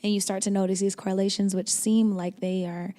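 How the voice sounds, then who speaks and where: A woman's voice: medium pitch, level tone, a little fast, mellow. A young woman co-hosting a podcast, chatting casually and acting out little quoted exchanges. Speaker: podcast co-host. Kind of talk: casual chat.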